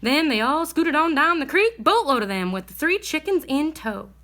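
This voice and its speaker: A woman reading a bedtime story aloud in a gentle, expressive way. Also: sits high, moderate pace, a little hiss or hum.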